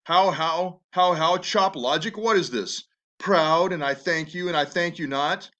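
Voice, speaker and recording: A raging, overbearing old nobleman of a father, read by a man. He shouts, mocks and threatens in a high, bright, cutting voice. The delivery feels like a dramatic reading of a play. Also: expressive, normal speed. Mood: furious.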